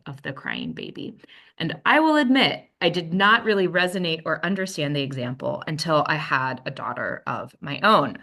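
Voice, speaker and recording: A woman's voice: sits low, bright, forceful tone. A woman presenting a training workshop, telling a personal story in a conversational way and acting out what she said to her baby.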